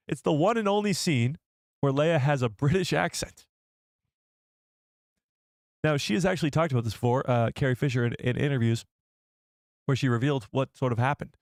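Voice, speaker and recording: A man hosting a live stream, chatting casually with his audience in an excitable, rambling way. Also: medium pitch, moderate pace, long pauses, no echo, clean studio sound. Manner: excitable, rambling, talks to the chat.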